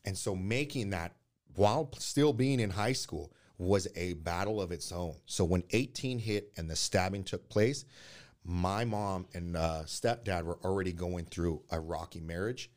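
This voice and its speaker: Deep-voiced man telling his life story. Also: a little mellow. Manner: candid and earnest, with halting restarts. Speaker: podcast guest. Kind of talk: personal life story in conversation.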